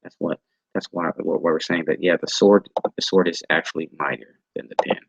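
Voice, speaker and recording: A man with a low, husky voice teaches an online training class over a video call. He talks in a halting way, repeating words and restarting his sentences. The sound is dry and dull, like lo-fi call audio. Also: fairly even intonation, dry recording. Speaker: instructor.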